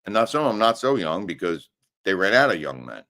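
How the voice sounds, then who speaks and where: A man's voice: sits low, quick pace. A middle-aged man co-hosting a live show from a hotel room, chatting casually, reading viewer comments and arguing his points with emphatic bursts. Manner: animated, emphatic, argumentative bursts. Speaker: co-host of a live daily show.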